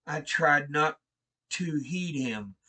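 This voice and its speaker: A man reading a horror story aloud in a slow, brooding, theatrical style. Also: on the high side, lively intonation, pushed and bright. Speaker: reader. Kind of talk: dramatic horror story narration.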